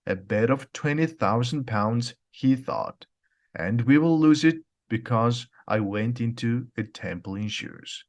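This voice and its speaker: Slow, lively male storybook reader. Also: medium pitch. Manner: slow, clear storytelling for learners. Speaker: audiobook reader. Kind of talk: graded reader narration.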